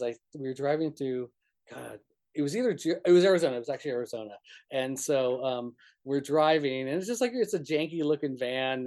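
A man's voice: medium pitch, darkish tone. A man from northern New Mexico, a touring musician, telling road stories in a rambling way full of "like" and restarts, laughing often. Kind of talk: casual storytelling interview.

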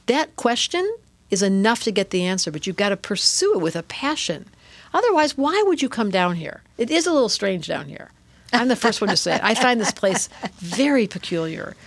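A middle-aged woman speaking as an interview guest, lively and expressive, often acting out inner voices and laughing. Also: medium pitch, fairly quick, no room sound. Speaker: guest, astrologer and author. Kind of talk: animated interview talk.

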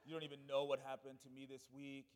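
A man preaching a sermon as pastor, swinging between loud declarations and hushed asides. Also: medium pitch, monotone, fast talker. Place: church sanctuary. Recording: long church hall reverb.

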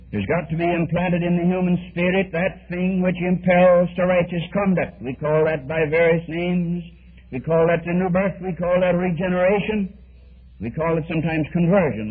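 A man delivers a sermon with earnest conviction, his husky voice pitched a little high for a man. He presses his points hard and often restarts a phrase mid-thought. The sound is thin and boxy, like an old archival radio transmission. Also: phone-quality sound. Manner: earnest, emphatic preaching with repeated restarts. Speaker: preacher.

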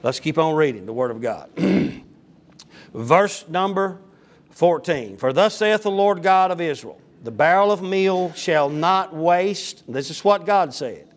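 A preacher in his fifties, his voice sitting a touch higher than most men's. He reads scripture aloud and then drifts into rambling, funny down-home stories. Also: lively intonation, a little slow. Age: 50s. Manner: rambling down-home storytelling with humorous asides. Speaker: pastor. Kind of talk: folksy sermon with scripture reading.

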